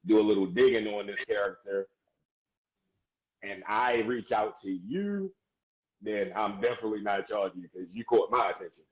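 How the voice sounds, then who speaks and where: Male DJ guest, animated and chatty, muffled lo-fi sound. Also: on the low side, normal speed. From United States. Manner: animated, laughs often, gives shout-outs. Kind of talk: casual live-stream interview.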